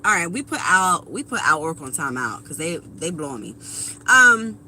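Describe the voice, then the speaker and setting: A woman's voice: fairly low pitch, very animated, moderate pace, sharp tone, slight background noise, poor audio. A woman in her thirties doing a casual live tarot reading, talking bluntly and with profanity straight to her viewers. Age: 30s. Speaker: tarot reader.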